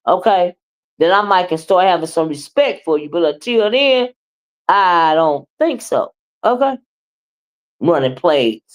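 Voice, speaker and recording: A woman's voice: fairly low pitch, a little mellow. Sassy woman ranting on a livestream. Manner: sassy, scolding, repeats "okay?" and "child". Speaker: livestream host. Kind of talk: casual livestream rant.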